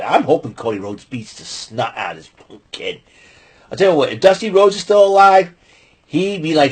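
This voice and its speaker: A man hosting a casual show, recapping wrestling in an excitable, rambling way and breaking into loud mock quotes. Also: medium pitch, moderate pace, breathy edge. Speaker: podcast host recapping wrestling. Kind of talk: casual chat.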